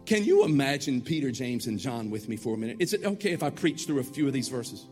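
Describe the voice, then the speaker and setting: A man preaching a sermon as a pastor, animated and acting out the story. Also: mid-range voice, fast talker, big-room sound, soft background music.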